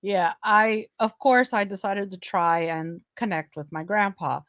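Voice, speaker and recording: Slow-spoken woman. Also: medium pitch, fairly bright tone, no echo, clean studio sound. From Brazil. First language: Portuguese. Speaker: guest. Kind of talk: casual chat.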